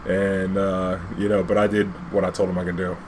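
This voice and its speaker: In a casual anecdote, a man with a fairly low voice rambles loosely about his days driving a cab, sprinkling in "you know" and casual swearing. His delivery is completely flat and a little fast, with a faint air conditioning hum underneath.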